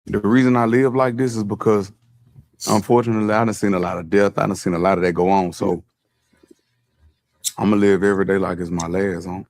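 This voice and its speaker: A man's voice: fairly low pitch, level tone, a little fast, pauses often, darkish tone. A man talking casually and bluntly in a played interview clip, in a laid-back drawl.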